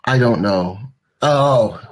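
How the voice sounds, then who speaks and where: A man's voice: on the low side, animated, slow pace. A young man co-hosting a podcast in casual chat, rambling and laughing a lot. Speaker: podcast co-host.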